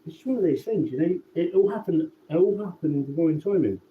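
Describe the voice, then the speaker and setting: A man telling a rambling, sweary story in a casual, relaxed way. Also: a little high, a little fast. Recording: tinny phone-like sound with faint background noise.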